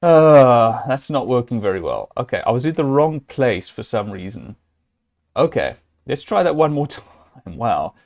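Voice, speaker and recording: A man's voice: medium pitch, very animated, normal speed, gravelly, a little mellow. Man thinking aloud over a game. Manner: thinking aloud, hesitant, with many fillers and restarts; talks to viewers and to the game character. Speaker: streamer playing a game. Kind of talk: live gameplay commentary.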